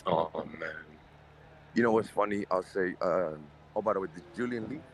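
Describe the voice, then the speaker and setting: A man's voice: low voice, moderate pace. A man in casual banter, rambling and slangy, calling everyone mate and brother, putting on a British-style accent. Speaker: guest in voice chat. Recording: voice chat with clear background noise.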